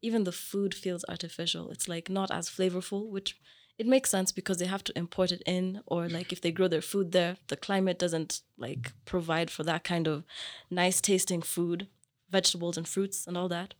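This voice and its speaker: A young woman from Kenya, chatting casually as a guest and telling animated stories full of fillers. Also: lowish voice, normal speed. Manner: animated storyteller, filler-heavy. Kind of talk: casual chat.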